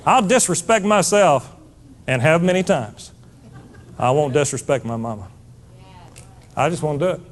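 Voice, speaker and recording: A man's voice: a little high, lively intonation, unhurried, long pauses. A middle-aged man giving a keynote speech to a live audience, blunt and emphatic, calling them folks. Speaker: motivational speaker. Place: stage before a live audience.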